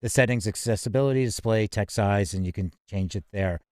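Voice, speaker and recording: A man's voice: on the low side, a little fast, a little mellow, dry recording, studio quality. A man co-hosting a live music news show, chatting in an upbeat, casual way and laughing often. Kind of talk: casual live-stream chat. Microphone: home desk mic.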